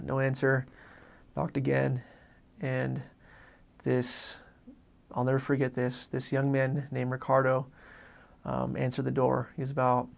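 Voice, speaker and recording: A man, a former missionary, telling an earnest faith story in a halting way with many restarts. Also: medium pitch, vocal fry. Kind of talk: personal faith testimony story.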